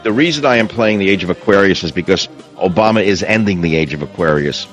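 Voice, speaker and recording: In a radio studio, an older man hosts talk radio with monologues and call-ins, combative and insistent, saying lines again for emphasis. He has a deep, lively voice at a quick pace, with faint music in a dry, slightly dull recording.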